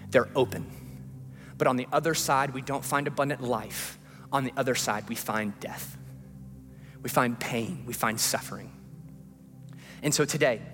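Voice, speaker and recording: A man preaching a sermon as a pastor in a church, swinging from hushed pleading to rising, repeated refrains. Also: mid-range voice. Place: church sanctuary. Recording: long hall reverb with faint music.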